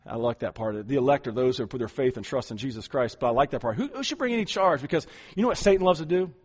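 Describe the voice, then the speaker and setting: A man preaching a sermon, emphatic, often repeating words and swinging between loud and soft. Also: medium pitch, expressive, fast, slightly rough. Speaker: pastor.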